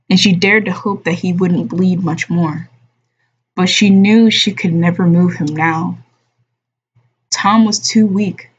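A woman streamer reading a novel aloud at a slow, measured pace, softly giving voice to the dialogue. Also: fairly low pitch, husky. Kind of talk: unhurried audiobook-style reading. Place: home streaming room. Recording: dull lo-fi stream audio.

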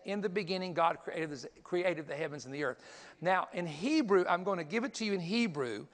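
A man's voice: sits high, fairly bright tone. A man preaching a sermon, teaching energetically, counting aloud and pointing things out as he goes. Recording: long hall reverb.

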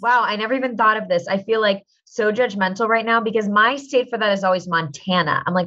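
A woman's voice: mid-range voice, brisk, few pauses, sharp tone. A woman in her thirties hosting a podcast, chatting in a bubbly, playful, self-mocking way. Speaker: podcast host. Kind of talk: casual chat. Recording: dull lo-fi sound.

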